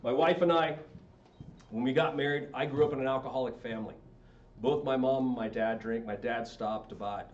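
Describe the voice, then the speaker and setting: A man's voice: on the low side, a little mellow, a little hiss or hum. A man talking informally to a group about marriage, asking the audience questions as he goes. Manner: conversational, asks the audience questions. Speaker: speaker on marriage and relationships. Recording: echoey room, far from mic, dull sound.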